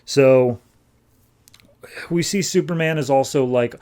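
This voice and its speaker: A podcast host recaps a comic book in a breezy, offhand storytelling style, filling his talk with "like." His mid-range voice is animated and a bit dark in tone, with a measured pace.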